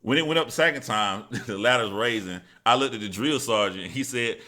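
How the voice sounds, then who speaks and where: Guy on a live stream rambling and cussing, reads chat out loud, kinda sharp edgy voice. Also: mid-range voice, brisk. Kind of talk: casual live-stream storytelling.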